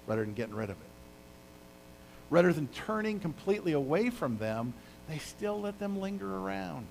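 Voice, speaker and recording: Man preaching in a lively storytelling sermon. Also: mid-range voice, moderate pace, creaky, slight background noise, low-quality recording. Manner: animated, casual storytelling with sound effects. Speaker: pastor.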